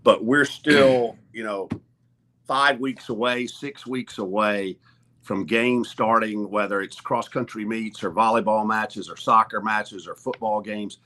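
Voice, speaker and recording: A man's voice: fairly low pitch, steady tone, measured pace, pushed and bright. A man who is a college athletic director, talking earnestly as a guest on a sports talk show, stopping and restarting often with lots of fillers.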